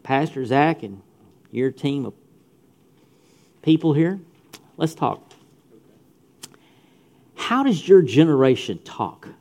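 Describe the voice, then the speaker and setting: A man's voice: on the high side, very animated, slow pace, long pauses, dark tone. A middle-aged man preaching a sermon to young people, emphatic, repeating phrases and speaking straight to his listeners. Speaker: pastor. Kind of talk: sermon to youth.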